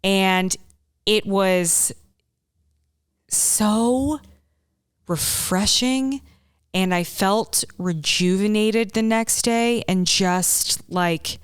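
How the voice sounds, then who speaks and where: A woman's voice: mid-range voice, drawn-out words, long pauses, clear, resonant tone, no room sound, studio quality. A young woman hosting a podcast, telling a personal story in a candid, rambling way, swearing freely and acting out her own thoughts. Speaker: podcast host.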